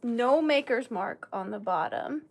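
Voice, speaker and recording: A woman with a Southern US accent runs a casual live-stream sale from home, talking in an unhurried way in a slightly high voice. She is bubbly and chatty and greets her viewers by name. A faint room noise sits under her camera-mic sound. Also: animated, vocal fry.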